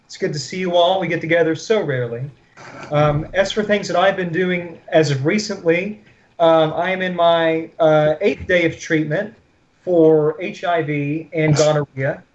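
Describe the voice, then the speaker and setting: A man co-hosting a podcast over a video call, joking in a deadpan way. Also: a little high, normal speed, highs cut off, a little hiss or hum. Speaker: podcast co-host. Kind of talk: joking casual chat.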